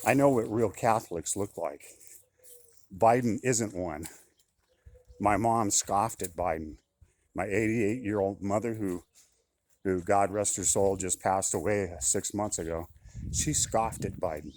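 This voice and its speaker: A man's voice: lowish voice, measured pace, a little mellow. An older man talking casually in a monologue, often repeating himself and turning indignant. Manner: conversational, repetitive, indignant. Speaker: commentator.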